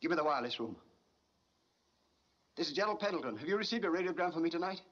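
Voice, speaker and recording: An actor playing an irritable, nervous gentleman who speaks in peevish, clipped phrases, on a muffled old film soundtrack. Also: a little high, lively intonation, quick pace. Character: irritable, nervous upper-class older man.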